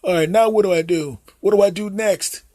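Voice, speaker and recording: A man's voice: high-pitched, brisk, dark tone, dry recording, clean studio sound, pitched above the performer's own voice. A man voicing a befuddled older father who fumbles through a smartphone, asking the same questions over and over. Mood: confused, eager. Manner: fumbling, repetitive, flustered questions.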